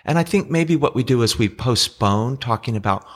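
A man's voice: medium pitch, animated, moderate pace. A middle-aged man co-hosting a casual podcast, patiently explaining investing with frequent restarts.

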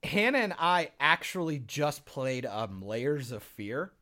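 A young man co-hosting a casual podcast chat, telling stories in an animated, profane way and acting out his own reactions. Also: mid-range voice, slow. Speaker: podcast co-host.

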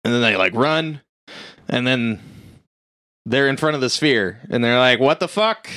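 A man rambling through a movie plot in loose, profane chat, filling his sentences with "like" and "uh". His voice is smooth and resonant and sits at a middle pitch. The sound is dry and close, with no room echo. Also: animated, measured pace, pushed and bright. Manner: rambling, profane, lots of "like" and "uh", acts out characters' lines. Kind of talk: casual movie recap chat.

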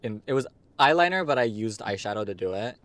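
A man's voice: lowish voice, animated, fast, fairly bright tone, no room sound. A young man co-hosting a podcast, telling candid, jokey personal stories in casual chat. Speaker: podcast co-host.

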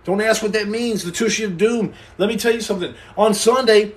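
A man from the United States chats through a live stream with a voice pitched well above most men's. He jokes with viewers and reads out their questions, acting out little scenes and repeating lines for effect. He stammers and restarts often as he talks. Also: a little fast. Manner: animated and playful, acts out scenes and repeats himself. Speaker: livestream host answering viewer questions. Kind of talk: joking live-stream chat.

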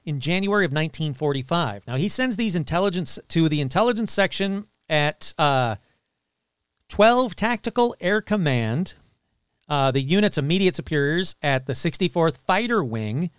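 A man hosting a casual storytelling podcast, talking in an animated, irreverent way with frequent fillers and blunt asides. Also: a little high, smooth, no echo, clean studio sound. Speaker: podcast host.

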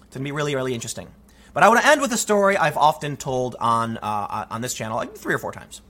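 Host type: bright, forceful man, slightly husky, lively spoken commentary monologue. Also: medium pitch, quick pace. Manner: animated storytelling, acts out quoted voices.

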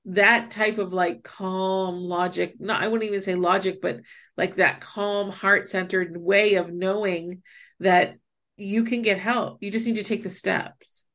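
A woman's voice: medium pitch, steady tone, measured pace, a bit bright. A woman in casual conversation, explaining ideas and acting out inner voices through examples.

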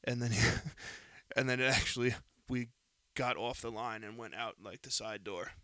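A man's voice: mid-range voice, a little slow, dry recording. A man casually telling a heated, profane story on a podcast, close to the mic. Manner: animated, profane, heated retelling.

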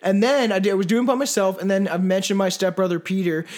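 Casting: high-pitched male podcast co-host, loose rambling delivery, swears often. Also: fairly even intonation, fast talker, a little mellow. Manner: rambling, swearing, full of fillers and restarts. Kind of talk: casual podcast chat.

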